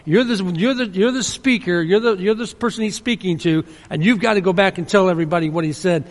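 A man's voice: high-pitched, a little fast. A man preaching a sermon, earnest and emphatic, often restarting his sentences. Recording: long hall reverb.

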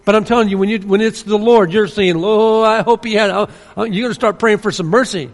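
A man's voice: high-pitched, brisk. A man preaching a sermon, earnest and emphatic, often restarting his sentences. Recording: long hall reverb.

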